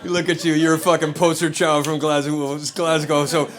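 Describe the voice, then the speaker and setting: Stand-up comic, man, slightly higher-pitched voice, rambling and profane, chuckling as he goes, handheld mic on a club stage. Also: flat delivery, normal speed, crowd noise. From United States. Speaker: stand-up comedian. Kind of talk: stand-up comedy set.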